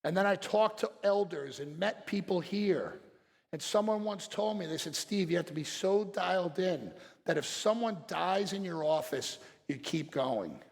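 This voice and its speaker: A man's voice: sits high, expressive, a little slow, creaky. A man giving a blunt, motivational talk from a stage to fellow practitioners, telling stories and acting out what people said. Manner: blunt, storytelling, acts out quotes. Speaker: seminar speaker. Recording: long hall reverb.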